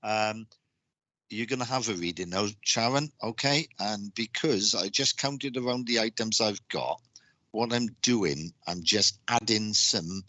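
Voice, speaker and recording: A man giving live psychic readings on a stream, speaking haltingly with lots of repeated words and restarts. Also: fairly low pitch, sharp tone, no room sound. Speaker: psychic reader.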